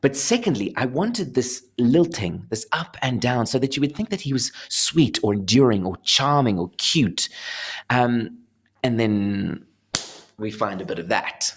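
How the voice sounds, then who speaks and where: A man's voice: mid-range voice, a little slow, slightly rough. A young man with a South African accent tells stories with energy. He talks casually and laughs between points. His voice sits in the middle range. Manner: animated storyteller, laughing, acting out voices. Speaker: actor, interview guest. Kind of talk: casual interview talk.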